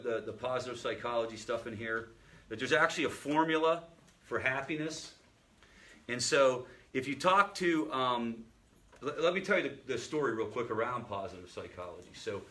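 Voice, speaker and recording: A man in a mid-range voice leads a family support group in a relaxed, conversational teaching style. He tells stories, asks the room questions and often restarts his sentences. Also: medium pitch. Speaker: family recovery group facilitator.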